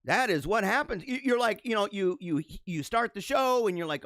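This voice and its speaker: Animated young man chatting with viewers. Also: high voice, moderate pace, hardly any pauses, no room sound, clean studio sound. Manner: animated, laughing, rambling asides. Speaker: show host reading viewer comments. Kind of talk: casual livestream chat.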